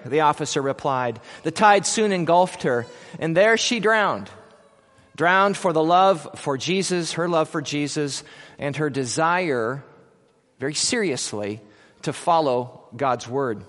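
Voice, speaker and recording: A man's voice: on the high side, expressive, unhurried. Man preaching in a reverberant church. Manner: dramatic storytelling, swinging between loud declaiming and quiet. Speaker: pastor. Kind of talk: sermon.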